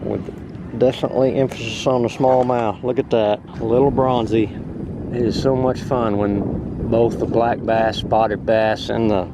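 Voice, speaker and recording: Gravelly man fishing on a river. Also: mid-range voice, measured pace, background noise. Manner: excited, exclaiming and laughing at fish. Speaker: fishing vlogger. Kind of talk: casual outdoor narration while fly fishing. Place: on a river outdoors.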